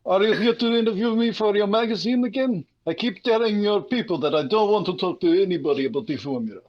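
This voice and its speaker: A man's voice: high-pitched, fast, muffled recording, lightly acted. A man voicing an elderly male scientist, fussy and guarded, in a thick put-on foreign accent. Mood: insistent.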